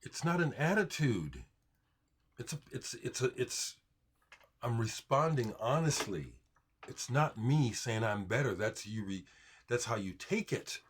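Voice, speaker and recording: There's a little hiss or hum as an American man with a mid-range, lively, unhurried voice hosts his video and replies to viewer comments. Talking to camera without a script, he rants in a heated, emphatic, frustrated way and repeatedly starts his sentences over.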